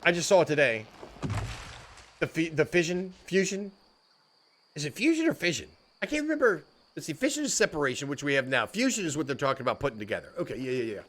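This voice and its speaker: Jokey, bright-voiced male streamer. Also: on the high side, very animated, quick pace, slight background noise. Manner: jokey, laughs often, says "dude" and "frickin'". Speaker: livestream host. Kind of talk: casual chat with viewers.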